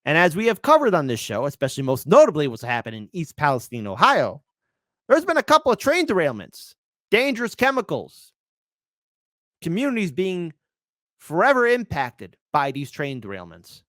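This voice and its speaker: A higher-pitched man whose voice swings up and down as he reads news aloud and mocks it with sarcastic asides. The sound is dry and close, with no room around it. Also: huge pitch swings, normal speed, a bit bright, dry recording. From United States. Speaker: political commentary host. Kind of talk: livestream news commentary.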